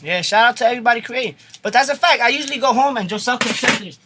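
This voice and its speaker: Fast-talking, high-voiced young man. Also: background noise. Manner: rapid, excitable, slangy. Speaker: podcast co-host. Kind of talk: casual podcast chat.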